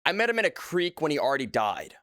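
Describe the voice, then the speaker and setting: Joking male streamer, smooth dry voice. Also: on the high side, huge pitch swings, quick pace, a bit bright, no room sound. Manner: joking, playfully mock-serious. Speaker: livestream host. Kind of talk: casual livestream chat. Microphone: desk mic from a few feet back.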